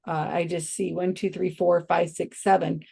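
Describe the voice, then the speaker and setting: A woman hosting a reaction channel, casually and skeptically commenting on a video she has paused. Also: on the low side, flat delivery, vocal fry, dark tone, breathy edge.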